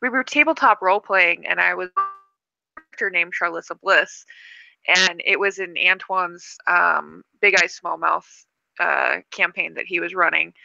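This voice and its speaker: A woman's voice: fairly low pitch, moderate pace, creaky, dry recording, lo-fi sound. A woman co-hosting a live stream, chatting casually and telling stories with frequent giggles. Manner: giggly, animated. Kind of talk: casual chat and storytelling. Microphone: computer mic on a video call.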